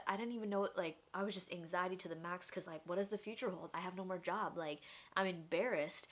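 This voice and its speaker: Young adult woman, candid personal storyteller, animated, acts out the voices she quotes. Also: lowish voice. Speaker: vlogger.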